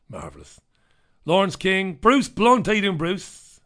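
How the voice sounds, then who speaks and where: A man's voice: high-pitched, huge pitch swings, takes it slowly, fairly bright tone. A middle-aged man hosting a radio show, chatting casually and bluntly as he reads out listener messages.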